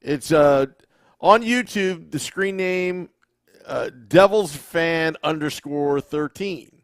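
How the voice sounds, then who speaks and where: A man's voice: on the high side, slow pace, clean tone, dry recording. A man hosting a sports podcast, talking easily and hesitantly with many restarts. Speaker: podcast host. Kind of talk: casual podcast chat.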